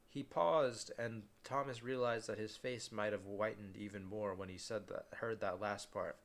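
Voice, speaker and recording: A man's voice: lowish voice, fairly even intonation, normal speed, gravelly, few pauses, a bit bright. A man reading a novel aloud in a casual way, often stumbling and restarting words.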